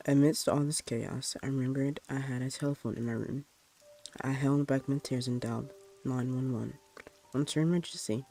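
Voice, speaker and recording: A man reading a first-person horror story aloud in a plain, unhurried way. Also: mid-range voice, steady tone, warm tone.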